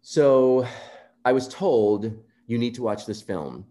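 A man being interviewed, telling a personal story in an earnest, animated way and acting out quoted remarks. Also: medium pitch, slow pace. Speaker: composer guest.

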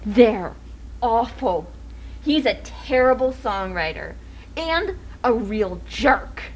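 A woman's voice: on the high side, lively intonation, takes it slowly, slight background noise, low-quality recording. An actress playing a sullen, disdainful band singer who snaps back at her partner in a comedy radio sketch. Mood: scornful. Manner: scornful, exasperated.

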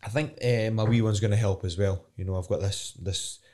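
A man's voice: on the low side, fairly even intonation, brisk, darkish tone. A young man with a Scottish accent, a professional fighter talking candidly in a casual interview, rambling and swearing now and then.

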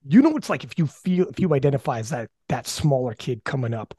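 A man hosting a podcast in casual chat, animated and swearing often, restarting his sentences. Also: mid-range voice, a little fast, husky, dry recording, studio quality. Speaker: podcast host.

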